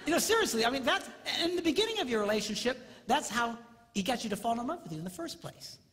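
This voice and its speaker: Animated man joking in a hall. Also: very high voice, quick pace. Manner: animated, breaks into squealing impressions of women. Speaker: marriage seminar speaker. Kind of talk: comedic seminar talk to a live audience. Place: large hall with audience. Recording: reverberant hall with faint noise.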